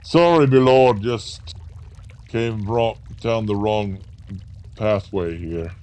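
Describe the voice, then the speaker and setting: A man's voice: fairly low pitch, slow, a little mellow. A man voicing a thief who poses as a humble cloud giant patrolman, speaking evasively. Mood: deceptive.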